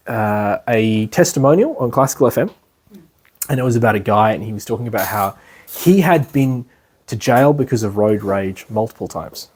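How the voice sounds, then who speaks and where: A man's voice: mid-range voice, a little mellow, breathy edge. Chatty man teaching a class. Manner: chatty and rambling, with frequent "you know" and laughs. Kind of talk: casual spoken lecture to a class.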